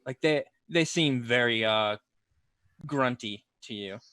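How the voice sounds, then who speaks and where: A man narrating a tabletop game as game master in a loose, halting way. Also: medium pitch, pushed and bright, clean tone, no echo, clean studio sound.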